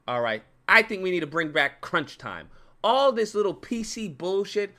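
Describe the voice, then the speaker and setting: Ranting, bright-voiced young man. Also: a little high, very animated, normal speed. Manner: profane, exasperated ranting with mocking put-on voices. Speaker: channel host. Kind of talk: casual ranting commentary.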